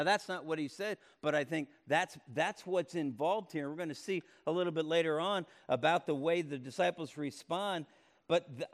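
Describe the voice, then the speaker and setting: A man preaching a sermon, swinging from loud calls to hushed tones and repeating words as he speaks. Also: high voice. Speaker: pastor. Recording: long reverb of a hall.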